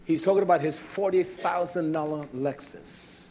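A man preaching a fiery sermon, swinging between shouted declarations and hushed asides, acting out conversations. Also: fairly high pitch, moderate pace, slight background noise.

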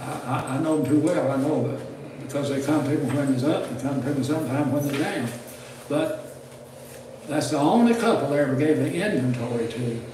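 An older male preacher, his voice on the high side and a little mellow, teaches a preaching class in a church classroom as a folksy classroom sermon. He rambles, restarts and chuckles, captured roomy by a distant mic with faint ambience and a slight hiss or hum.

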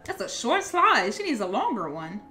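A woman's voice: a little high, huge pitch swings, moderate pace, bright, forceful tone, slight background noise. A young woman giving chatty, casual commentary while playing a video game. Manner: chatty, reacts aloud to the game. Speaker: gameplay streamer. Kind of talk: casual let's-play commentary.

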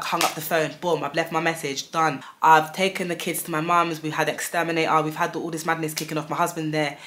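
A woman in her thirties tells a story to her vlog audience with animated, dramatic energy. Her voice sits a little low, and she keeps dropping casual fillers as she goes. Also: brisk, hardly any pauses, a little hiss or hum. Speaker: vlogger.

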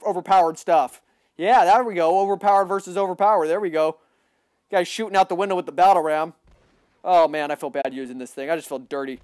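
A man giving excitable live gameplay commentary, boasting, repeating himself and bursting into loud yelling. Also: high-pitched, no room sound, clean studio sound. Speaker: gaming livestreamer.

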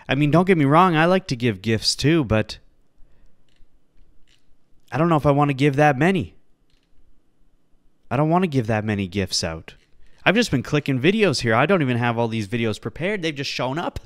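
A man's voice: medium pitch, lively intonation, normal speed, pauses often, dry recording, studio quality. A man hosting a solo podcast, talking casually over clips, sarcastic and rambling, with playful mock-earnest asides. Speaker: podcast host.

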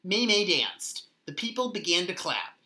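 Slow, expressive woman reading aloud. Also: fairly low pitch. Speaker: children's book reader. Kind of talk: storybook read-aloud. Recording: echoey room.

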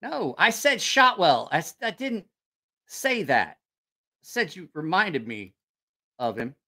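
A man's voice: fairly high pitch, sing-song, slow, bright, forceful tone. A man hosting a casual livestream, telling rambling, profane stories and reacting to viewer comments. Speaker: channel host.

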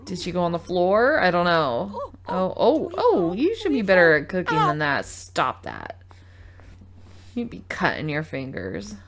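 A woman's voice: lowish voice, wildly swooping pitch, a little slow. A woman casually commenting as she plays a life-simulation game, chatting to and scolding her game characters. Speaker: gaming video host. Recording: game music loud under voice. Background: game music and baby cries.

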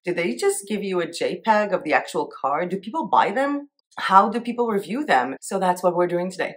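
A woman's voice: on the low side, big pitch swings, fairly quick. A woman vlogger chatting casually as she browses shops on screen, thinking aloud and giggling easily. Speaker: Etsy seller and art vlogger. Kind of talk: casual screen-share commentary.

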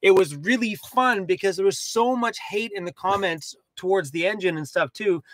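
Young male vlogger, upbeat and talkative, fairly high pitch, dry close recording. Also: normal speed, dry recording. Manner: chatty, animated, talks to his dog. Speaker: van life vlogger. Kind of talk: casual livestream chat. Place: inside a cargo van.

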